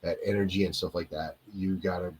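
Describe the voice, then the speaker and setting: A man's voice: low voice, fairly even intonation, a little fast, darkish tone, a little hiss or hum, rough recording. A male actor telling stories as an interview guest over a video call, rambling and digressing, often losing his point and coming back to it. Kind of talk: casual storytelling in a live interview.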